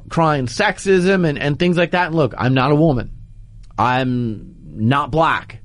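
A man hosting a sports talk show, laying out his opinions in an animated, argumentative way. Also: on the high side, no room sound.

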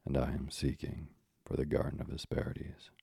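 A bold young hero on a quest, voiced by a man reading a storybook aloud. His replies come steady and low, in a very deep, dark, gravelly voice with almost no rise and fall. The sound is dry and close to the mic. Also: normal speed, dry recording, full character voice. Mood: defiant.

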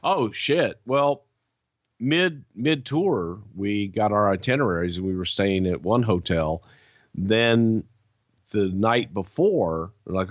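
A man's voice: lowish voice, slow pace, dry recording, highs cut off. A man hosting a podcast, telling stories in a casual, profane, laughing way. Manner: animated, profane, laughing storyteller. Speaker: podcast host. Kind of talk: casual storytelling.

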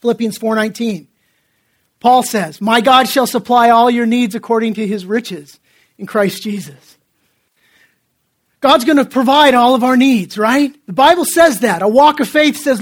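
A middle-aged man with a notably high voice delivers a sermon as a pastor. He talks to the congregation in a loose, conversational way, often stumbling over and restarting his sentences. He leans on self-deprecating stories. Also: moderate pace.

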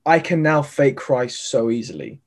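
A man's voice: mid-range voice, sing-song, moderate pace. A man, a stage actor, chatting as an interview guest over a video call, rambling with many fillers and restarts.

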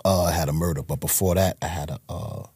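A man, a podcast guest telling his life story in a slangy, animated way. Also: fast talker, slightly rough, no echo, clean studio sound. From Harlem, New York. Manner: slangy, animated storytelling with sudden high outbursts. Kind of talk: casual storytelling interview.

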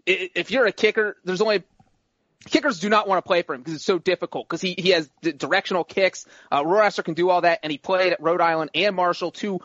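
A man's voice: high-pitched, a bit bright, dry recording, dull audio. A man co-hosting a sports podcast, talking casually and playfully as he makes his picks and defends them. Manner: playful, rambling, quick to defend himself. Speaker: podcast co-host, grader.

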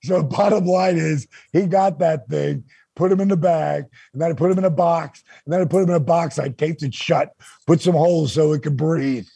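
Raspy gravelly man, animated storyteller, fairly high voice, dry close mic. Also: normal speed, no echo. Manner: animated, acts out quotes with big pitch jumps. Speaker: guest storyteller. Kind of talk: casual storytelling chat.

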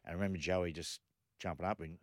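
A deep-voiced man tells lively stories on a radio show, acting out the lines of the people in them. His voice sits very low, and the sound is close and dry with no room behind it. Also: fast, dry recording. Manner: animated anecdotes with acted quotes. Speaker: radio co-host. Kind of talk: casual storytelling on radio.

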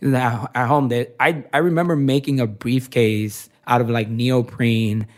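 A man's voice: medium pitch, steady tone, unhurried. Chatty man telling personal stories. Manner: chatty storytelling, many filler likes. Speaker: fashion designer guest. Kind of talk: casual interview chat.

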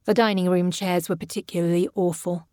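A woman narrating a gothic story in a measured, even audiobook reading. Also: on the low side, dry recording, clean studio sound. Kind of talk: scripted narration.

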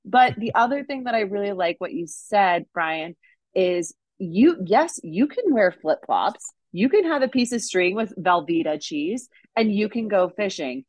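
A woman's voice: mid-range voice, animated, measured pace, a little mellow, no echo. A woman hosting a podcast from her home basement, effusive and emotional, often laughing. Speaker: podcast host. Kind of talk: casual conversation.

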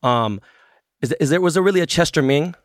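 A man's voice: fairly high pitch, lively intonation, brisk, no echo, clean studio sound. A man hosting a casual interview, asking curious questions in a slangy way.

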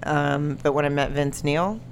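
Woman podcast co-host, thirties, lively storyteller with sudden high quoting bursts, faint hiss. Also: measured pace. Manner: animated, laughing, jumps up high when quoting. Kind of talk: casual chat, storytelling.

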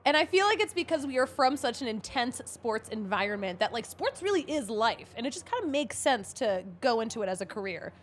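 High-voiced lady host from around philly, bouncy, teasing. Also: sing-song, a little fast, hardly any pauses, slight background noise. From Philadelphia area. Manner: teasing, laughs often. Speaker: podcast host. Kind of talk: casual podcast interview.

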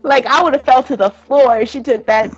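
A woman co-hosting a podcast, chatting in a blunt, profane, animated way. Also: high-pitched, normal speed, slightly rough, dry recording, muffled recording. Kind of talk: casual chat.

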